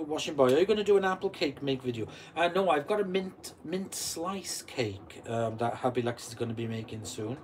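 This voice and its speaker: A man's voice: fairly high pitch, slight background noise. A Welsh man in his forties hosting a live stream, reading out viewer comments and answering them in a chatty way. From Wales. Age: 40s. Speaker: channel host.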